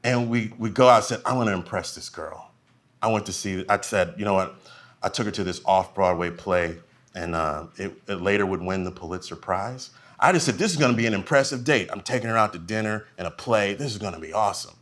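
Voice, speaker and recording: A man's voice: fairly low pitch, fairly quick. A man in his forties doing a stand-up comedy set, telling stories and acting out the people in them. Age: 40s. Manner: animated storytelling, acting out voices. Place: live comedy venue.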